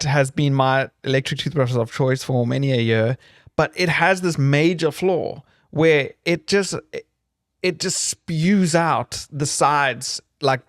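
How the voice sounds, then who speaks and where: A man's voice: on the high side, no echo, clean studio sound. A man from South Africa co-hosting a podcast in a casual, joking chat with rambling asides. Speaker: podcast co-host.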